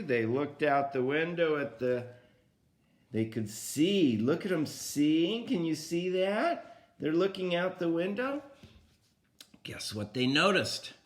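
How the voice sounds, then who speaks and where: An older man reading a picture book aloud to a child, animated and often asking the listener questions. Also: on the high side. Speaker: grandfather storyteller.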